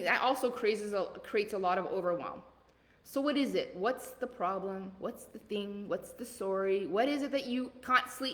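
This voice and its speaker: A leadership coach with a Southern accent and a medium-pitched, fairly bright voice runs a live group call, offering blunt, rapid-fire encouragement. She keeps posing questions and answering them herself, and a long, hall-like reverb trails her voice.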